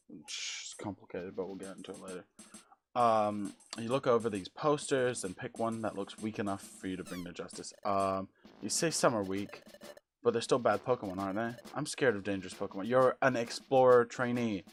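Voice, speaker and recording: A man giving casual let's-play commentary and reading game dialogue aloud, jokey, with profane asides. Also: fairly low pitch.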